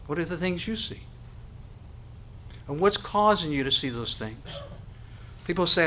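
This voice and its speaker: A man preaching a sermon, emphatic and full of rhetorical questions, swinging from quiet to loud. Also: a little high, expressive, moderate pace, pauses often, slight background noise. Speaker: pastor.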